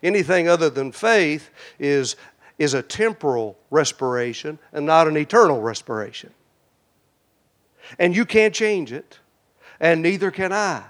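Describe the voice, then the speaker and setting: A man with a high-pitched voice preaches a sermon. His delivery swings from loud and emphatic to hushed and intimate. He keeps a folksy, direct tone with the congregation. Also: lively intonation, unhurried.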